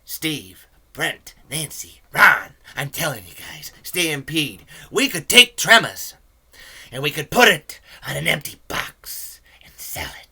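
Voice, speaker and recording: A man voicing a greedy old-time Hollywood studio boss in a put-on vaudevillian accent with a loud, hustling pitch. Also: sing-song, slow, vocal fry, husky, heavily acted.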